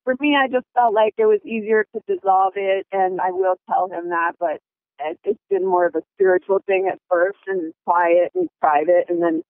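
A woman's voice: lowish voice, steady tone, moderate pace, no room sound. Breezy woman on a tinny phone line. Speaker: comedian caller. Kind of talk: improvised comedy phone call.

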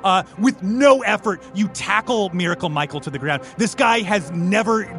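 A man's voice: high-pitched, normal speed, a bit bright. Rambling, vividly descriptive male game master. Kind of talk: narrating a tabletop game. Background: music.

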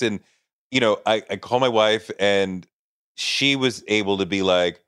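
A man's voice: on the low side, measured pace, fairly bright tone, clean tone, dry recording, studio quality. A man hosting a podcast, talking casually and rambling with many filler words. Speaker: podcast host. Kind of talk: conversational podcast interview.

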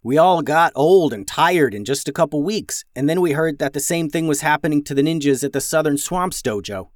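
A man's voice: a little high, expressive, a little fast, no echo, clean studio sound, natural voice. A man voicing a laid-back young male ninja with a casual, easygoing manner.

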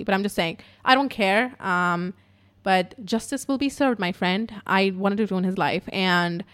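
Chatty, foul-mouthed woman telling a story. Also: mid-range voice. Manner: chatty and profane, with lots of fillers; animated, swinging between loud and hushed. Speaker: podcast host. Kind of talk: casual podcast storytelling.

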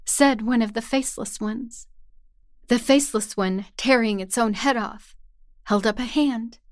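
A woman narrating a first-person horror story in a tense, hushed way. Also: fairly high pitch, measured pace, no echo, clean studio sound. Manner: tense, hushed storytelling that rises to anguished cries.

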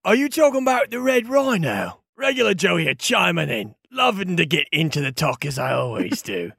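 Guy doing a gossipy tavern regular, swoopy lively voice, eager and dramatic. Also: sits high, normal speed, gravelly, slightly rough, no room sound, clean studio sound, full character voice. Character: chatty male tavern regular spreading rumors.

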